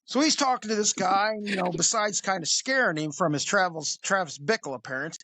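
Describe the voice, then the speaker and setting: Gravelly, dry-voiced podcast storyteller. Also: mid-range voice, expressive, a little fast, pushed and bright, no echo. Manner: rambling, jokey, acts out quotes. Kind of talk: casual comedic storytelling.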